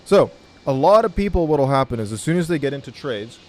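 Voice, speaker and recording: Laid-back male trading tutor, blunt and profane, mid-pitched voice. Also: animated, brisk, a little mellow. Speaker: trading educator. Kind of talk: casual video tutorial.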